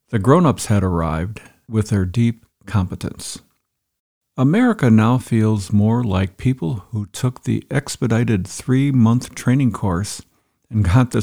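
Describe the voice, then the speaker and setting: A man reading passages from an article aloud and reflecting on them in a measured, deliberate way. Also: fairly low pitch, creaky, warm tone. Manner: measured, reads quotes aloud with pauses and emphasis. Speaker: speaker reading and commenting on an article. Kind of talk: reflective spoken commentary.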